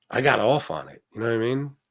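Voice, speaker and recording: A man's voice: medium pitch, no echo, studio quality. A middle-aged man hosting a livestream, telling brash, profane stories and answering his chat. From Sicilian heritage. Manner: brash, profane storytelling, reads chat aloud. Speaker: livestream host.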